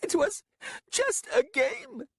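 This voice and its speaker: A male audiobook narrator voicing a furious, sharp-tongued young warrior woman who scolds in a shrill voice. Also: very animated, unhurried, vocal fry, husky, no room sound, studio quality, heavily acted. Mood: tearful.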